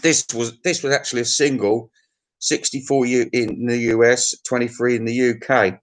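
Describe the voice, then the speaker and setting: A man of middle pitch talks through an album review off the cuff. He is blunt and crude, swears freely and keeps laughing at his own jokes. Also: fairly even intonation, normal speed. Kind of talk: casual unscripted album review.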